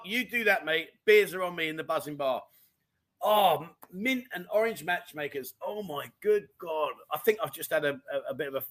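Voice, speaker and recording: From his home in Thailand, a bright, high-voiced man hosts a casual livestream chat and reads viewer comments. He's chatty and animated, peppering his talk with "mate" and "diamond geezer" slang.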